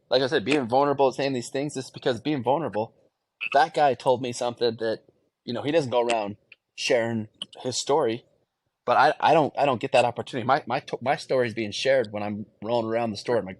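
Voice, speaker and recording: Heard in a dry recording, a medium-pitched man in his thirties is the guest in a candid, conversational interview. He reflects earnestly and keeps restarting his phrases.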